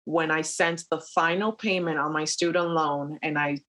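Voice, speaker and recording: A woman's voice: deep voice, normal speed. Chatty woman pilot telling stories. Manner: animated retelling with frequent fillers and laughs. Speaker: airline captain guest. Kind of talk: conversational storytelling.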